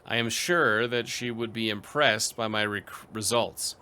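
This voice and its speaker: A man's voice: lowish voice, a little slow, sharp tone, clear, resonant tone. A man commentating a strategy game, reading event text aloud with dry, wry asides. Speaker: let's play host.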